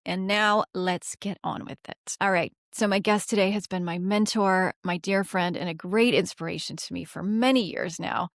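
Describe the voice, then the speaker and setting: A woman hosts a podcast in an effusive, openly emotional way. Her voice sits at a middle pitch, and the recording is dry and close with no room sound. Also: no room sound. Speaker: podcast host. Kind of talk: podcast interview.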